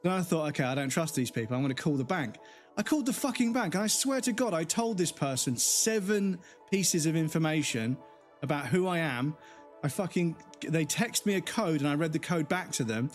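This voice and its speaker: An irritated man vents in a long, profane rant during a casual game stream. His voice sits a little on the high side. Soft game music plays underneath. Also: animated, fairly quick. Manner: angry, profane ranting. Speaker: gaming streamer.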